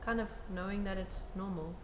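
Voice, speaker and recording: A woman guest and first-time mother in a casual chat, agreeable and quick to laugh. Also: medium pitch, fairly even intonation, darkish tone, roomy sound, slight background noise. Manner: agreeable, laughs often, many short backchannels.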